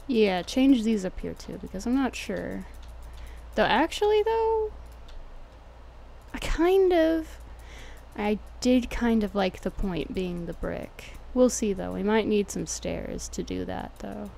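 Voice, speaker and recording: In a slow, sing-song delivery, a young woman with a Texan accent chats and jokes through a game stream, swearing freely and using plenty of slang in a laid-back way. Her medium-pitched voice is creaky and mellow.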